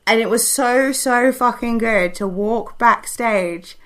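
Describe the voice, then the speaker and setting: A woman's voice: fairly high pitch, slow, fairly bright tone. A young woman, a podcast co-host and wrestler, telling a candid story with heavy swearing and earnest, tumbling restarts.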